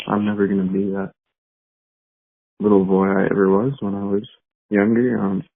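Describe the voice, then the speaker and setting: A man leaving a halting, heartfelt voicemail message. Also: on the low side, vocal fry, husky, dry recording. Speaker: caller leaving an anonymous voicemail. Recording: dry tinny phone voicemail.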